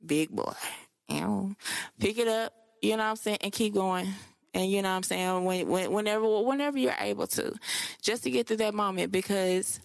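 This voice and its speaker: A woman's voice: medium pitch, moderate pace, creaky, dry recording, clean studio sound. A young woman hosting her own podcast in loose, profane, chatty talk full of slang and fillers. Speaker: podcast host. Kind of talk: casual solo podcast talk.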